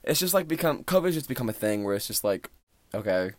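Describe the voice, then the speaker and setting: Teen male podcaster, animated filler-heavy chatter, bouncy pitch, dry closet recording. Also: fast talker, no echo. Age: teenager. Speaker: podcast host. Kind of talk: casual solo podcast chat. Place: small closet indoors.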